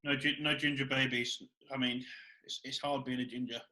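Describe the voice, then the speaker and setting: A British man co-hosting a podcast, crude and excitable, laughing often in casual banter. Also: medium pitch, brisk. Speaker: podcast co-host.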